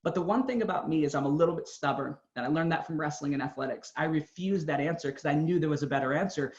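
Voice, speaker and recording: A man's voice: a little high, fast, a little mellow, reverberant. A man giving an earnest, emphatic motivational talk, telling his own story. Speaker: motivational speaker. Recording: dull lo-fi sound.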